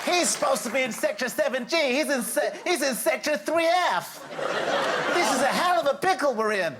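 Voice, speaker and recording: A man's voice: very high-pitched, expressive, racing, a loud crowd, very noisy, pitched above the performer's own voice. A man putting on a frantic American computer tech. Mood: panicked. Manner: hammy put-on American accent, frantic.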